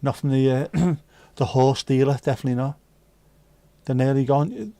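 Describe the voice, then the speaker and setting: A man's voice: mid-range voice, normal speed, dark tone, dry recording. Chatty British man hosting a livestream. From United Kingdom. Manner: chatty, jokey, reads viewer comments aloud. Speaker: livestream host. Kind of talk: casual livestream chat.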